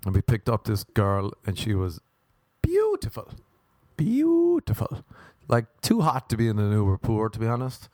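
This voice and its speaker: Irish man telling a lively story. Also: a little fast, hardly any pauses, dry recording, studio quality. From Ireland. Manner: animated, laughing, leaps up in pitch for emphasis. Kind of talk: casual storytelling monologue.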